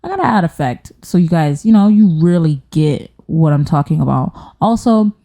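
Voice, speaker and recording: A woman's voice: deep voice, sing-song, normal speed, dark tone. A woman hosting a podcast, reading stories aloud in casual chat, blunt and profane, wandering into tangents, close on a microphone. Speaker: podcast host. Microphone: studio microphone.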